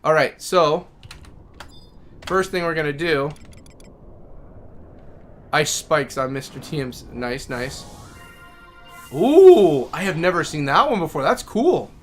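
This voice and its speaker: A man's voice: fairly high pitch, animated, measured pace, long pauses, a bit bright, faint music behind. Chatty man streaming, talking to his dogs. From Minnesota. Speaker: game streamer. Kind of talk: casual live-stream chat.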